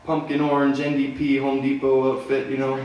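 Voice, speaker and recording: A man from Manitoba telling a story between songs at a live concert, with laid-back, deadpan humor. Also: mid-range voice, moderate pace, muffled recording, noisy background. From Manitoba, Canada. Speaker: singer-songwriter. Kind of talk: stage banter storytelling at a concert. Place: theater stage, live. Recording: echoey theater from far off with faint guitar.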